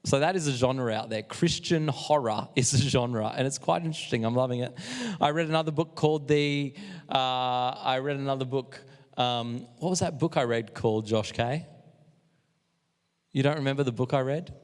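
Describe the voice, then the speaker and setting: Man, youth leader, casual and energetic, hall reverb. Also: mid-range voice, moderate pace. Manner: energetic, chatty, self-deprecating. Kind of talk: live youth service talk. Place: church hall, live stream.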